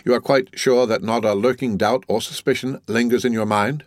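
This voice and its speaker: A man reading the part of a cold, suave, gentlemanly wealthy count, in a coolly ironic, unhurried manner. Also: mid-range voice, fairly even intonation, no echo, studio quality, natural voice. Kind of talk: audiobook character reading.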